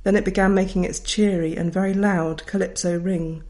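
A woman's voice: lowish voice, fairly even intonation, normal speed, a little mellow. A middle-aged woman, a writer reading her own memoir aloud in a wry, reflective way. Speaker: author.

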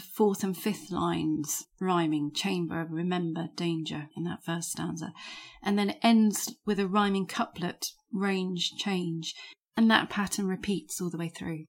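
Woman host asking about poetry. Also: fairly low pitch. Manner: clarifying, slows to spell out examples. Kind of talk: conversational literary discussion.

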